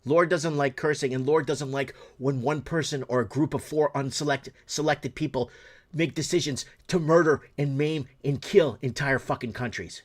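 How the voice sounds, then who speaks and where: A man hosting a talk show, ranting angrily and cursing, swinging between shouted bursts and low muttering. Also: normal speed. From Portuguese heritage. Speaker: show host. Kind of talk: angry political rant.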